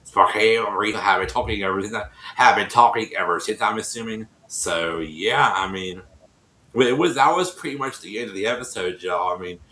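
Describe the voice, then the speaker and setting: Bright-voiced man rambling through a recap. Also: lowish voice, roomy sound, rough recording. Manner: rambling, repeats and restarts, acts out quotes. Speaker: vlogger recapping a reality show. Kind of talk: casual retelling to viewers.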